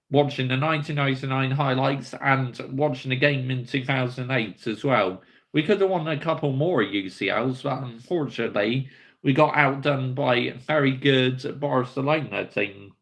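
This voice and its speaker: A man's voice: mid-range voice, gravelly, a bit bright. A young man hosting a football fan channel, ranting in blunt, heated commentary and swearing freely.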